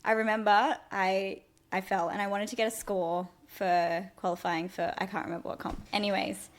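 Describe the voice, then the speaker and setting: A woman's voice: mid-range voice, normal speed. Chatty young woman telling stories. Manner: chatty, animated storyteller. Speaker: guest, former tumbler. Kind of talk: casual podcast interview.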